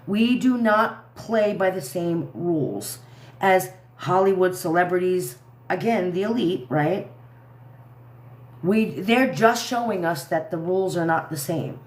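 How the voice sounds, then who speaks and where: Fired-up woman ranting with echoey sound. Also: medium pitch. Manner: heated, ranting, swearing, trailing off and restarting. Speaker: livestream host. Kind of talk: angry live commentary.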